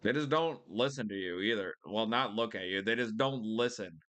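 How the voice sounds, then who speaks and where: A young man doing casual live-stream commentary, rambling excitably and swearing a lot. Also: lowish voice, moderate pace. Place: lives in a city in Missouri.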